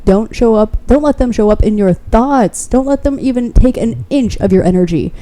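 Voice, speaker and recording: A woman gives a pick-a-card tarot reading, speaking straight to the viewer with blunt, fervent encouragement and plenty of swearing. Her voice sits a little high, yet its tone is deeply mellow and dark.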